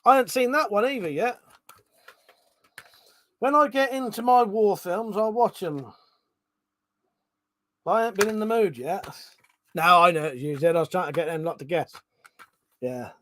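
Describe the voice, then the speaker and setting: A man's voice: high voice, normal speed, long pauses, a bit bright. A man chatting casually on a live stream, reading out chat messages and swearing freely.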